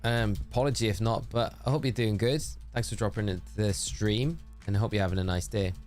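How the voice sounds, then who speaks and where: A man's voice: lowish voice, steady tone, fairly quick, darkish tone, soft background music. A man chatting on a live stream, reading out viewer messages and thinking aloud. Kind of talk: casual live-stream chat.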